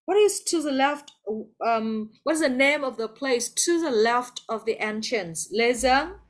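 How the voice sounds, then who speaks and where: A woman's voice: sits high, expressive, measured pace. A woman with a Vietnamese accent teaching an English class over a video call, patient and encouraging, calling on students by name.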